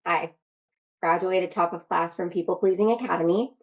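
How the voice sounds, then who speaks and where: A young woman coaching on self-love in a casual, energetic workshop talk, swearing freely. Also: fairly low pitch, normal speed, highs cut off. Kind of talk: workshop talk to an online audience.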